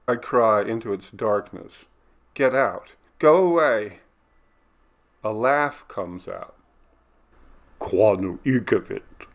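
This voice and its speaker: A man reading a ghost story aloud as scripted narration, telling it tensely and dramatically, often dropping to a hush. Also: on the low side, vocal fry. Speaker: audiobook reader.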